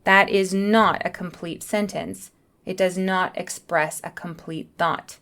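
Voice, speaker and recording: A woman teaching a beginner English lesson, speaking in a clear, careful way. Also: on the low side, fairly even intonation, takes it slowly, fairly bright tone.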